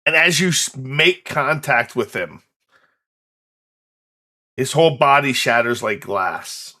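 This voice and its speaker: A man running a tabletop horror game, describing each moment at an unhurried, measured pace. His voice has a bright, forward edge. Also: medium pitch, animated. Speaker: game master.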